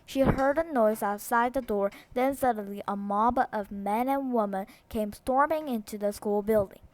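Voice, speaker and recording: A woman's voice: on the high side, moderate pace, no room sound. A woman with Korean as her first language reading a novel aloud, steadily, with small slips and restarts. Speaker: book reader.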